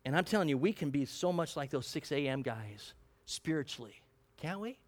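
A man's voice: fairly high pitch, animated, normal speed. A man preaching a sermon in a conversational way, often asking his congregation questions. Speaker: pastor.

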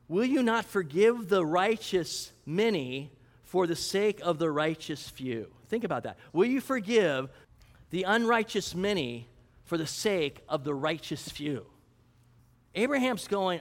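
A man's voice: high-pitched, lively intonation, a little slow, in a large hall. A male pastor giving a conversational sermon, posing questions and answering them, and acting out prayers in character. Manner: acts out prayers and a mock auction.

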